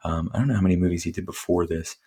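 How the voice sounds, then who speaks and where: A man's voice: deep voice, steady tone, very fast, warm tone, breathy edge. A man hosting a podcast, casually recapping a film in a rambling, profane way and laughing often. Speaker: podcast host.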